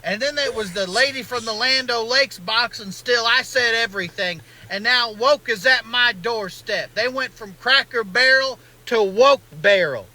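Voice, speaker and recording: A comedian plays a fed-up Southern good ol' boy with a very high, strikingly bright voice. He rants in a folksy drawl, indignant and aggrieved, like a satirical online video clip. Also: moderate pace, few pauses, full character voice, low-quality recording. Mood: ranting. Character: grumbling Southern man mourning his restaurant.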